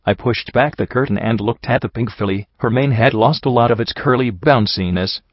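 A man narrating a first-person story in an earnest, steady reading, in a dull, slightly muffled recording. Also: mid-range voice, a little fast, no room sound. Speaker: audiobook narrator. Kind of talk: first-person fan fiction audiobook reading.

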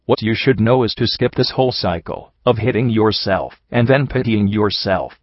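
Brief: raspy, sneering gaunt stallion, storybook figure, a man voicing him, low, dry. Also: normal speed, no echo, lo-fi sound, lightly acted. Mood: scolding. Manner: raspy, scolding. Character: gaunt pale stallion, scornful.

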